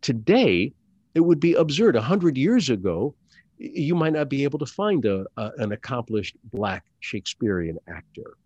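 A middle-aged man, an actor and audiobook narrator, speaking as an interview guest in a deliberate, hesitant way with many fillers and restarts. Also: mid-range voice, big pitch swings, darkish tone, dry recording. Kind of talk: conversational interview. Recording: dull lo-fi dry sound.

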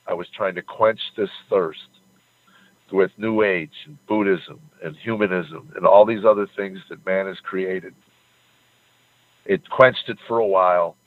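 A man telling the story of his faith in an earnest, halting way, choking up at times. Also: deep voice, dry recording. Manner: earnest, halting, chokes up when moved. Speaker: comedian guest. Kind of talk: emotional faith testimony. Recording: tinny phone-like line.

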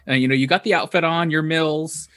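A man's voice: fairly high pitch, fairly even intonation, brisk, bright, forceful tone. Chatty laughing podcast host man. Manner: chatty, laughs often, rambling. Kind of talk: casual chat.

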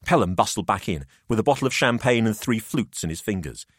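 A man's voice: fairly low pitch, lively intonation, husky, no echo, studio quality. A man reading a macabre story aloud as narrator. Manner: measured storytelling. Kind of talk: audiobook narration.

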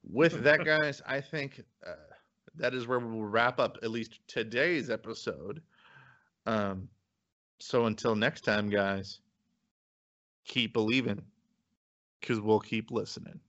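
A man's voice: mid-range voice, takes it slowly, pauses often, fairly bright tone, dull audio. A man hosting a podcast, talking casually with lots of fillers and easy laughs. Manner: chatty, loose, laughs often, many fillers. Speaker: podcast host.

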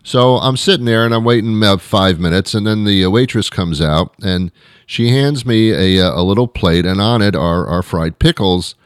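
A man's voice: lowish voice, normal speed, clear, resonant tone, no echo, clean studio sound. A man telling a comic story as a show host, rambling and self-mocking, with frequent restarts.

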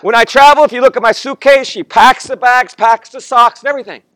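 A man's voice: extremely high pitch, brisk, fairly bright tone, dry recording. A man in his fifties, a guest pastor, preaching a sermon and telling a personal story with acted-out quotes, stumbling and restarting often.

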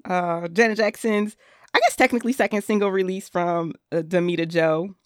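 A woman's voice: on the low side, steady tone, moderate pace, no echo, clean studio sound. A woman co-hosting a casual podcast chat, teasing and wry, laughing a lot. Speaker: podcast co-host.

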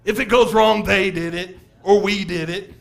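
A middle-aged man preaching a sermon as pastor, animated, laughing and acting out quotes from people. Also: high voice, normal speed, gravelly.

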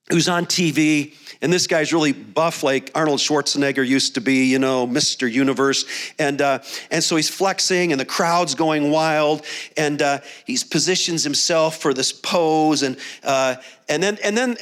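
A man's voice: fairly high pitch, fairly bright tone. A middle-aged man preaching a sermon in a conversational, storytelling way, often restarting phrases. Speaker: pastor.

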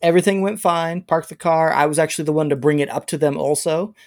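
A man on a podcast telling a work story in casual chat, even and matter-of-fact. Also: fairly high pitch, quick pace.

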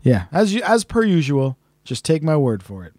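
A man co-hosting a podcast in casual chat, rambling and halting with many fillers and restarts. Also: fairly high pitch, big pitch swings, darkish tone, dry recording, clean studio sound. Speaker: podcast co-host.

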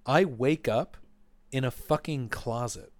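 A man telling a crude, animated story in casual chat, swearing a lot. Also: mid-range voice, slow pace, no echo.

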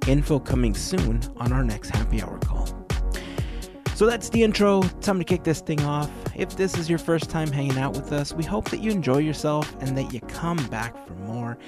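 A man's voice: a little high, normal speed. A man hosting a fan podcast, reading the intro with an upbeat, sing-song delivery over music. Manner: upbeat, animated, sing-song promo reads. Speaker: podcast co-host. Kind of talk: casual podcast chat.

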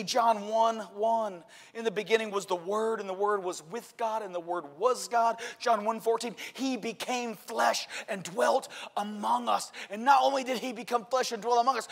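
High-voiced preaching man, gravelly. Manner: passionate preaching with shouted emphasis. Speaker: pastor. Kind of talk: Easter sermon. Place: church sanctuary. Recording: long reverb of a church hall.

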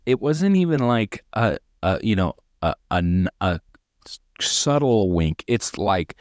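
A podcast co-host with a lowish, widely swinging voice chats casually and sarcastically about a movie he thought was goofy. He rambles unhurriedly, full of fillers, mocking the characters. The studio recording is clean, with no room sound.

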